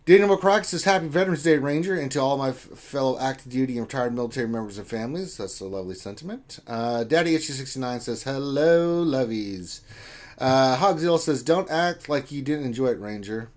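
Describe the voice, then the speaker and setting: A man's voice: medium pitch, animated, a little fast. A man co-hosting a casual live stream, reading viewer chat aloud with joking, playful teasing.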